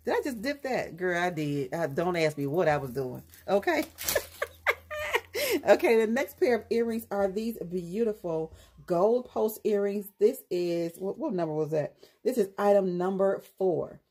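A woman's voice: on the low side, normal speed, warm tone. A woman hosting her own live jewelry sales show, sassy and chatty, laughing often and calling her viewers girl and honey. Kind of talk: casual live-stream sales pitch.

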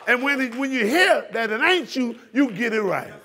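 Pastor, high gravelly voice, fiery shouting sermon style. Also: male voice, animated, normal speed, hardly any pauses, a faint crowd. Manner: fiery, preaching with shouted questions to the congregation. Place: church sanctuary.

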